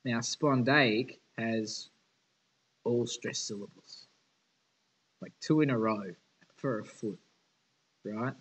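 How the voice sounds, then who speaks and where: A man's voice: medium pitch, slow pace, pauses often, fairly bright tone, slightly rough, rough recording. Male teacher, informal lesson delivery, casual and candid with students. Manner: casual, chatty and frank.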